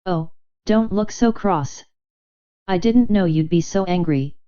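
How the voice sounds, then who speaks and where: A woman's voice: on the low side, takes it slowly, mellow, clean tone, dull audio. A woman reading the part of a young woman putting on a silly, flustered act, babbling breathlessly.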